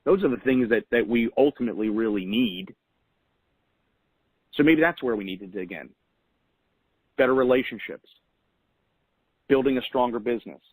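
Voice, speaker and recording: A man's voice: mid-range voice, moderate pace, pauses often, husky, no room sound, low-quality recording. A man hosting a weekly call, giving motivational coaching in an earnest way and repeating key phrases for emphasis. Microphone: phone call.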